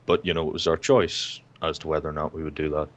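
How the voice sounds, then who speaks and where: A man's voice: a bass voice, level tone, fast. A nineteen-year-old man co-hosting a casual online chat, ranting and swearing freely. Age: young adult, 19. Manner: profane, ranting. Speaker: co-host.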